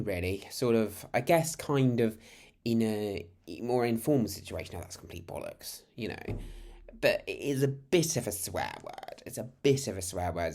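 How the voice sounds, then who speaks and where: A man's voice: low-pitched, vocal fry, a little mellow. A British man from the United Kingdom giving a casual, chatty lesson to camera. He rambles and restarts his sentences often. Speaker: language teacher.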